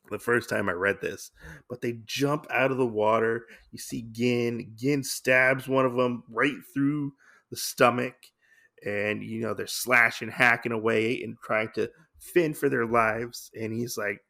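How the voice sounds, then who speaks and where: A man's voice: medium pitch, fairly even intonation, measured pace, gravelly, sharp tone. A man hosting a podcast, casually retelling a comic book story in a rambling way, full of filler words. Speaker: podcast host.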